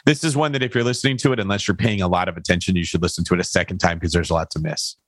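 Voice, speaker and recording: A man's voice: deep voice, steady tone, very fast, a bit bright, no echo. A man co-hosting a podcast, earnestly explaining why listeners should pay close attention. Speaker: podcast co-host. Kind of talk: casual podcast chat.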